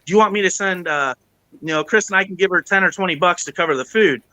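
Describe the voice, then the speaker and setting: A man hosting a podcast, telling a story in casual chat, animated, acting out the people he quotes and swearing freely. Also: sits high, fast, no echo, low-quality recording. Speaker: podcast host.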